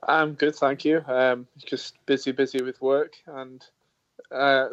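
A man's voice: mid-range voice, level tone, measured pace, no echo, lo-fi sound. A man co-hosting a casual podcast, easygoing, mostly giving short agreeable replies. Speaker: podcast co-host.

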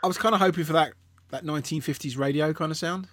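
A man's voice: a little high, quick pace, a bit bright, no room sound, clean studio sound. A man with a London accent hosting a casual podcast chat, jokey and playful with voices. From England. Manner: jokey, breaks into put-on posh and cockney voices. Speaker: podcast host.

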